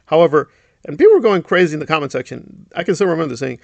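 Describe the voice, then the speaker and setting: Indignant man with a gravelly voice. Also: fairly high pitch, animated, rapid-fire, no room sound. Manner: indignant, sarcastic, mocks others in put-on voices. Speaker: commentary YouTuber. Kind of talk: ranting commentary.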